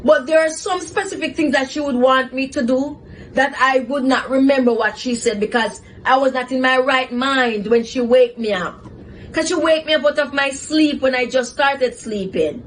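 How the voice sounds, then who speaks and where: Female host, high voice, animated storyteller, faint hum behind, talk-show monologue. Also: moderate pace, rough recording. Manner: animated, laughs often while telling a story. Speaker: host, psychotherapist.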